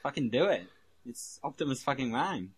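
Husky-voiced rambling male podcaster. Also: medium pitch, sing-song, moderate pace, rough recording. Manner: rambling, self-interrupting, swears freely. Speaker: podcast co-host. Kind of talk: casual chat.

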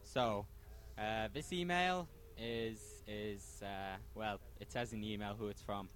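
A man's voice: fairly low pitch, a little slow. A man co-hosting a casual podcast, joking and swearing as he reads out listener mail. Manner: joking, profane, animated. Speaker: podcast co-host.

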